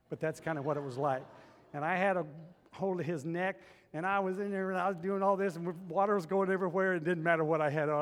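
A man's voice: a little high, in a large hall. A pastor preaching a sermon and telling a personal story with animation, acting out his own past thoughts.

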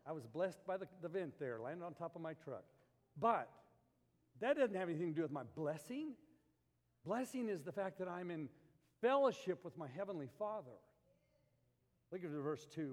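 A male pastor with a somewhat high voice preaches in a church, his words ringing with long hall reverb. He moves between scripture and folksy, rambling personal stories told in an easygoing storyteller's manner. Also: lively intonation, moderate pace, pauses often, darkish tone. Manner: folksy, storytelling with homey asides. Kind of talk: sermon.

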